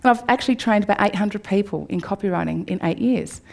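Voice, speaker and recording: An Australian woman in her forties speaks to a live audience, telling a personal story with candour. Her voice sits at a middling pitch. It rises brightly on the good moments and drops to a hush on the hard ones. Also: quick pace, creaky. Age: 40s. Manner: candid storytelling, swings from upbeat to hushed. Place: room before a live audience.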